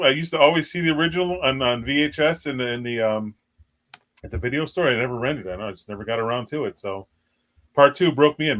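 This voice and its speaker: A man's voice: on the high side, fairly bright tone. A man in his forties, a guest on a casual horror podcast, rambling through memories with frequent laughs and restarts.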